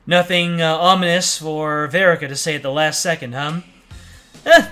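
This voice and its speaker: Game streamer, man, chatty reactions, bright voice, faint game music underneath. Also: fairly high pitch, steady tone, moderate pace, clean tone. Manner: chatty, reacting and joking aloud. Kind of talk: casual game streaming commentary.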